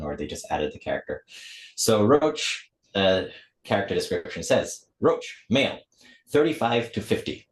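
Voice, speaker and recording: A man hosting a casual online baking class, chatty and joking while explaining each step. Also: low voice. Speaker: actor and baking class host. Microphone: laptop camera mic.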